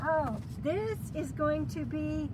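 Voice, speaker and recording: A woman's voice: sits high, slow pace. A woman chatting casually in and around a vehicle, telling little stories and singing silly chants to the dog. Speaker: travel companion. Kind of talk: casual chat. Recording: very loud car and street noise.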